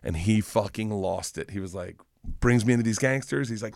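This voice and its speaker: A man's voice: fairly low pitch, a little fast, creaky, no echo, studio quality. Rowdy American man telling a story. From United States. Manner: animated storyteller, swears freely, bursts into loud acted quotes. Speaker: comedian guest. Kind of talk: casual podcast chat, storytelling.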